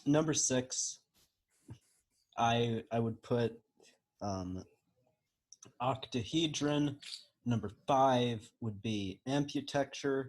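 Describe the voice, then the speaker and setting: A man's voice: mid-range voice, takes it slowly, pauses often, a little mellow. A man in a casual podcast chat, hesitant and self-deprecating. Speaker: podcast co-host.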